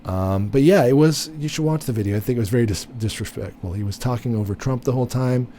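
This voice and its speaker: A man's voice: medium pitch, quick pace, mellow, a little hiss or hum. A man giving blunt, opinionated political commentary, repeating himself with many fillers and restarts. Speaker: commentary host.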